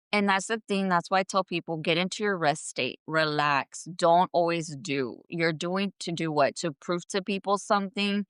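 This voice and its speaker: A woman's voice: fairly low pitch, fairly bright tone, clear, resonant tone, no room sound, studio quality. A woman hosting her own show, delivering an earnest motivational self-help monologue from home and repeating affirmations for emphasis. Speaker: podcast host. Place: at home, indoors.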